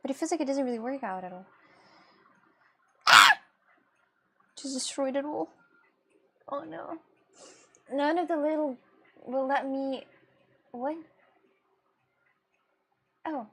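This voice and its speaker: A woman's voice: high-pitched, unhurried, long pauses, darkish tone. A young woman chatting casually with her viewers while drawing on a livestream, laughing often and reacting to chat. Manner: giggly, chatty, talks to viewers. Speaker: streamer.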